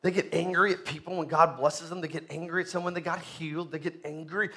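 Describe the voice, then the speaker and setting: A male pastor preaching a sermon, dropping to hushed low asides and rising to shouted exhortation, calling on the congregation to answer him. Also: steady tone, fast. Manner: calls for congregation responses.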